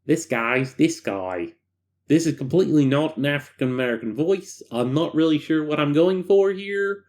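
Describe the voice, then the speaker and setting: A man's voice: on the high side, fairly quick, darkish tone. A man reading an eerie case file aloud and breaking off for joking, casual asides. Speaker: narrator and host.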